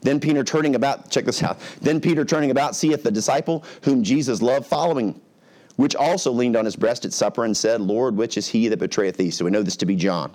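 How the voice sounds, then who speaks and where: A man's voice: mid-range voice, brisk, a little mellow. A conversational middle-aged male pastor. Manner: conversational, acts out characters' lines. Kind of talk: expository sermon.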